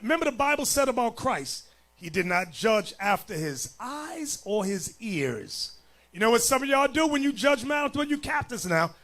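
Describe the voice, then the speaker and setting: A man preaching as a bishop, blunt and forceful, dropping to low mutters and rising to shouts. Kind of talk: sermon.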